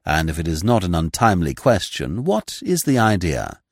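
A man voicing a young gentleman who speaks with elaborate, drily witty politeness. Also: low voice, sing-song, moderate pace, no room sound, studio quality, voice pushed down, heavily acted. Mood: suave. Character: suave, languid young English gentleman.

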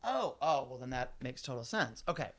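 A man's voice: medium pitch, very animated, a little fast. A man in his forties in casual chat, animatedly telling an anecdote and acting out the voices of the people in it. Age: 40s.

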